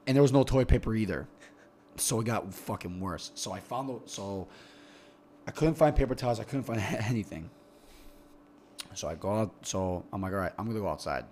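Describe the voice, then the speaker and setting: A man's voice: fairly low pitch, expressive, brisk, pauses often, a little mellow, a little hiss or hum. A young man telling a long, rambling, profane story in casual podcast chat, often repeating words as he gets going. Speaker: podcast guest.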